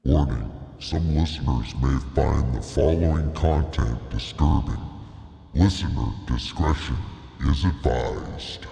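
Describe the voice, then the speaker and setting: A man voicing a sinister deep-voiced male announcer with a gravelly, cackling delivery, heard with long hall reverb. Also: takes it slowly, mellow, full character voice. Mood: menacing.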